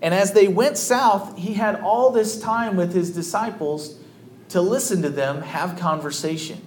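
A man's voice: sits high, a little slow, echoey room, a little hiss or hum. A man, a pastor, preaching a sermon in a conversational, storytelling way to a congregation.

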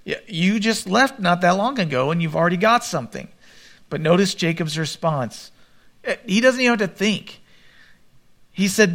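A man preaching a sermon, reading scripture aloud and commenting, with a quieter, lower voice for the quoted speakers. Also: vocal fry. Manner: expressive Bible reading with commentary, drops voice for quoted lines. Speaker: pastor.

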